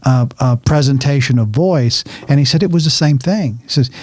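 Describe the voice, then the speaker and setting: A man's voice: medium pitch, moderate pace, few pauses, darkish tone, dry recording. A man hosting a casual interview, a chatty storyteller who jokes and laughs often. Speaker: host.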